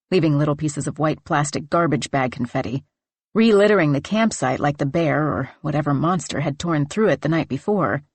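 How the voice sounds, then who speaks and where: Woman audiobook narrator, low, dramatic horror reading, dry studio sound. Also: dry recording.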